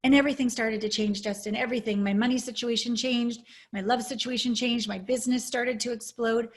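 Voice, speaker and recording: A woman's voice: fairly high pitch, fairly even intonation, a little fast. A woman guest coach speaking in an interview, telling her personal story in an earnest, reflective and openly emotional way over a video call.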